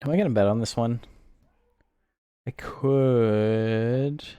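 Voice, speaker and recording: A man's voice: medium pitch, slow, warm tone, smooth, dry recording, clean studio sound. A man hosting a game tournament stream, talking casually in a rambling, crude way with lots of fillers. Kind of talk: casual livestream commentary.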